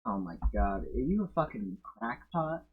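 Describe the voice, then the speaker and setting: A man streaming and reacting casually, swearing and breaking into loud excited bursts. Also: lowish voice, moderate pace, husky, narrow, tinny audio.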